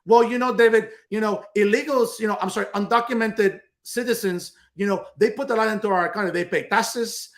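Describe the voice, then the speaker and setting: Man mocking preachy woman politician, filler-laden, evasive, high-pitched. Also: fairly quick, few pauses, natural voice. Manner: filler-heavy, lecturing.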